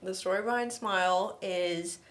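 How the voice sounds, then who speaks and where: Speaking unhurriedly in a medium-pitched voice, this twenty-something woman from Oman shares a personal story on a laid-back podcast she co-hosts. She's also a musician, and she brings the tale to life by performing the quoted lines.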